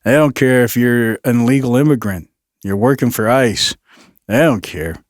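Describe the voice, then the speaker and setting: A man's voice: mid-range voice, normal speed, no room sound, studio quality. A man co-hosting a podcast in casual chat, rambling and laughing between his points. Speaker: podcast co-host.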